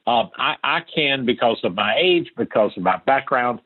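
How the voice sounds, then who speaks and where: Older man, husky phone-line voice. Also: medium pitch, animated, moderate pace. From Appalachia. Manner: earnest, emphatic, repeats key phrases. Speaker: guest. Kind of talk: interview answers, storytelling.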